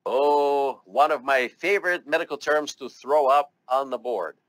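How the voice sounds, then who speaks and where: A man's voice: mid-range voice, a little slow, no echo. Man, classroom lecturer, encouraging and chatty, dry close sound. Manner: encouraging, chatty, coaxes students to speak up. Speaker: medical terminology instructor.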